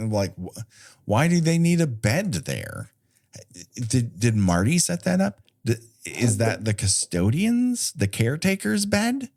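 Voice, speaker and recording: Low, lively, sarcastic podcast man. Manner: sarcastic, swears freely, riffs in silly put-on quotes. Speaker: podcast co-host. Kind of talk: casual comedic chat.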